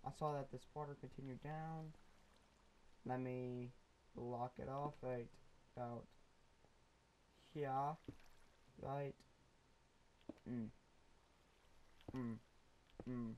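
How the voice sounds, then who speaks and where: Here a young man narrates Minecraft casually, rambling at both his viewers and the mobs and saying um a lot, as gaming YouTubers do in let's play commentary. His medium-pitched voice is a touch mellow, heard on a rough recording with slight background noise.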